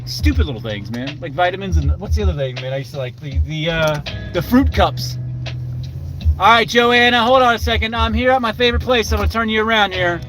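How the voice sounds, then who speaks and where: A man's voice: high voice, lively intonation, brisk, over music, poor audio. An older man rambling in a casual live-stream chat while driving, swearing freely and talking to his viewers by name.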